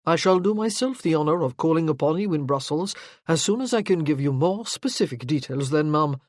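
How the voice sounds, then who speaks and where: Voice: medium pitch, lively intonation, a little fast, dry recording, studio quality, lightly acted. A narrator voicing a courteous, worldly earl with a French accent in an audiobook. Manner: smooth and formally polite. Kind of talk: audiobook character voice.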